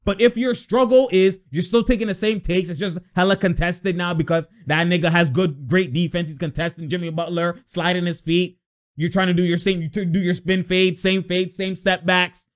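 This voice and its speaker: Excitable high-voiced man yelling at a game. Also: normal speed. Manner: excitable, slangy, laughs often, yells at plays. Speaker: sports reaction vlogger. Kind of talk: casual live game reaction and rant.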